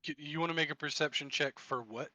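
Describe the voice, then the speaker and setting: A man narrating as game master for a tabletop game, describing scenes haltingly with many fillers. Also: on the high side, bright, forceful tone, no room sound, rough recording.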